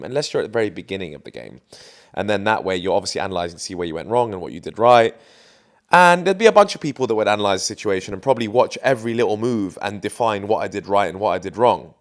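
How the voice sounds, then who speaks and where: A young man telling a dating story to camera in a chatty, confident way, full of fillers. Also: fairly low pitch. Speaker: dating coach.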